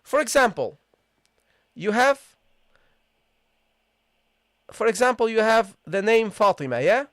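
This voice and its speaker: A teacher leads a live online language lesson with a patient, repetitive style, often stopping to ask the class if they follow. The voice sits at a middling pitch. The sound is dry, with almost no room around it. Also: big pitch swings, moderate pace, dry recording. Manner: patient, repeatedly checks in with "okay?" and "guys"; repeats key points and asks the class questions. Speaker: Arabic teacher.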